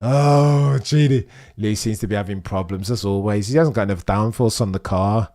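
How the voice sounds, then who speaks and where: A man hosts a live stream watching a race, talking at a normal pace as he excitedly comments and implores the drivers. Low mutters give way to high, urgent bursts and back again.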